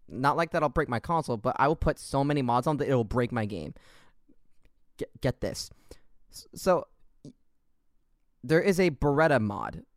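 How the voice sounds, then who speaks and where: A man's voice: a little high, no room sound, clean studio sound. A man hosting a casual gaming podcast, rambling through stories and laughing along. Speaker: podcast host.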